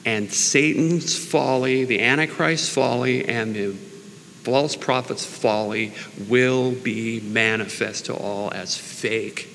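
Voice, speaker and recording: A man preaching in an unhurried, earnest, informal way, mixing Bible readings with personal prayer. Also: medium pitch, fairly bright tone. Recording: long reverb, faint background noise.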